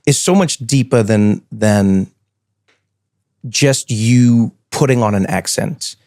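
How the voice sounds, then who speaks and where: A man's voice: medium pitch, slow pace, a little mellow, no room sound. Curious male podcast host, dry sound. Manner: curious, probing questions, enthusiastic. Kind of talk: conversational interview.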